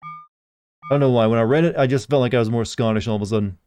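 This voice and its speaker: Mellow-voiced man streaming a game. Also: mid-range voice, very fast. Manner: chatty, rambling, reads chat aloud. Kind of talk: casual live-stream commentary.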